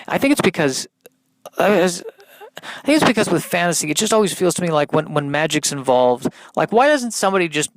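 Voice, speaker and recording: A man's voice: on the high side, dry recording, rough recording. A man hosting a podcast, doing a rambling, hesitant comedy monologue full of fillers. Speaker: podcast host.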